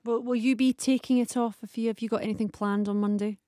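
A woman's voice: on the high side, steady tone, fast, mellow, no echo. Female radio host, chatty, teasing, dry studio sound. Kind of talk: radio phone-in presenting.

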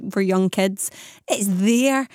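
A woman presenting a radio talk show, speaking in a conversational, slightly halting way. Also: medium pitch, a little mellow, no room sound, studio quality.

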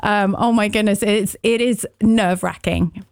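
A woman's voice: medium pitch, fairly even intonation, moderate pace, darkish tone, clean tone, no room sound, studio quality. A woman from England with a London accent, a chef and cookbook author chatting in an interview with lots of fillers. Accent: London English. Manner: chatty, with frequent fillers and laughs.

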